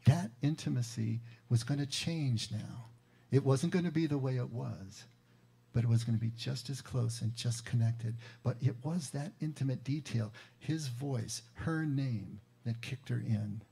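Gravelly, mellow-voiced pastor preaching. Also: male voice, mid-range voice. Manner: conversational, emphatic storytelling with slowed stresses. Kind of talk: Easter sermon.

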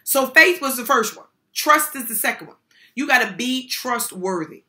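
An older woman speaking as a workshop presenter, her voice bright and forceful and sitting a little high. She talks emphatically and folksily, circling back to the same key phrases to drive her points home. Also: animated, normal speed. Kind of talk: motivational talk on mental health support.

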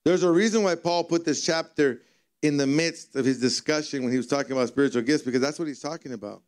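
High-voiced man preaching a sermon. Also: fast, darkish tone. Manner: conversational preaching with humorous storytelling. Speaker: pastor. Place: church service.

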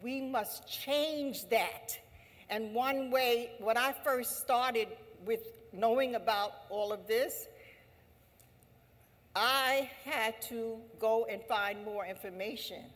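A woman labor leader giving an impassioned assembly speech, emphatic and repetitive, rising to forceful exhortation. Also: a little high, slow pace. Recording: long hall reverb.

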